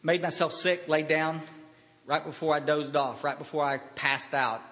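A man giving a personal recovery talk, telling his story in a halting way with quiet pauses. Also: a little high, steady tone. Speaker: recovery speaker. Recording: hall reverb.

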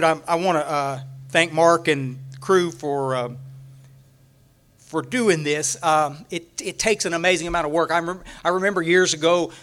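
An older Texan man speaks to a retreat crowd in a notably high voice. He talks in a folksy, rambling way, stumbles through restarts and fillers, and drifts into humorous stories. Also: fairly bright tone. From Texas. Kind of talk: rambling humorous storytelling talk. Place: room at a retreat, talking to a live audience.

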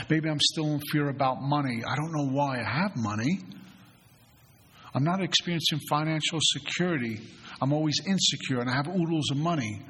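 A man's voice: medium pitch, fairly bright tone, slightly rough. A man leading a spiritual recovery retreat, talking in an earnest, conversational way and often repeating his phrases. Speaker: retreat facilitator. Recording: long hall reverb.

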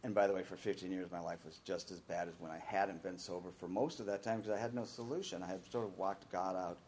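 A man's voice: low voice, fairly even intonation, fast, darkish tone, a little hiss or hum. A middle-aged man telling his own recovery story in a candid, rambling way, sometimes acting out the voices of the people he quotes. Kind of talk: personal recovery talk.

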